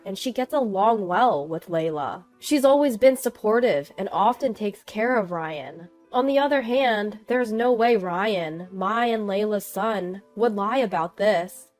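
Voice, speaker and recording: A woman reading a first-person story in a slow, even narration, with faint background music. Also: medium pitch. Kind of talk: scripted narration.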